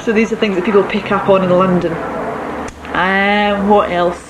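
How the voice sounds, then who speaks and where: A woman's voice: mid-range voice, level tone, moderate pace. A woman in her thirties with a west of Scotland, Ayrshire accent, chatting casually and hesitantly with frequent ums and easy laughter. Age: 30s. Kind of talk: casual monologue about dialect. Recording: noticeable background noise.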